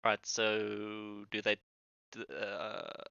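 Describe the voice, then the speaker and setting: Bright-voiced man running a tabletop game. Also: fairly low pitch, level tone, slow, vocal fry, clear, resonant tone, no echo, highs cut off. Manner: hesitant, lots of ums and restarts. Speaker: game master.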